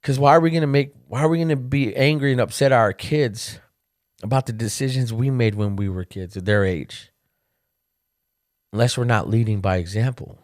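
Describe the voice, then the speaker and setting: A middle-aged man hosting a podcast, telling personal stories in a candid, casual monologue and getting animated when he quotes others. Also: mid-range voice, normal speed, no echo, clean studio sound. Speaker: podcast host.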